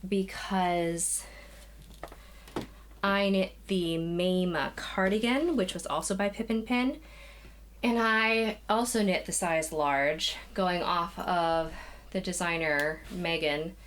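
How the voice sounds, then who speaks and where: A woman's voice: lowish voice, slow, a little hiss or hum. A young woman chatting casually to camera from a small craft room at home, a little out of breath, rambling with sighs and restarts. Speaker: knitting podcast host. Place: small spare room used as a craft nook. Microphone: camera, moving in and out of frame.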